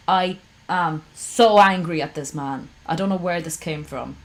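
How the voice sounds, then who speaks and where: A woman's voice: on the low side, unhurried, poor audio. A woman streamer giving casual reaction commentary to her chat, heated and ranting, swearing freely.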